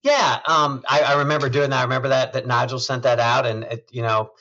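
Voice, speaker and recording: A man, a chief executive, talking in a measured, thoughtful way in a conversational interview, often trailing off softly. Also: mid-range voice, dull audio. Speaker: hospital system CEO, guest.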